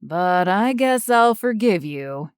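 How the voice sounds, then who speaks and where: A wry man in his late twenties trading good-humored jabs, unhurried and dry, as a woman narrator plays him. The voice is smooth and close-miked in a dead room. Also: medium pitch, lively intonation, no room sound.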